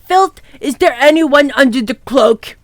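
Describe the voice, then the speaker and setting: Woman doing a yelling angry janitor. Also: high voice, expressive, measured pace, no room sound. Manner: yelling, indignant. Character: angry male school janitor, bossy and shouting.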